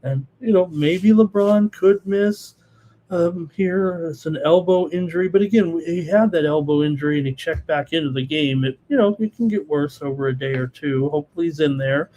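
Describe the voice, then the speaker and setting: A man hosting a sports betting show gives live analysis, talking fast with lots of fillers and reading out viewer comments. His voice is a little high and warm in tone.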